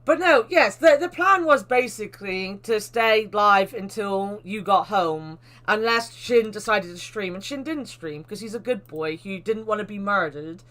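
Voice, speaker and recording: A woman's voice: mid-range voice, expressive, measured pace, few pauses, fairly bright tone. A woman streamer with a sore throat after a long stream, narrating a dating game and chatting playfully, swearing casually.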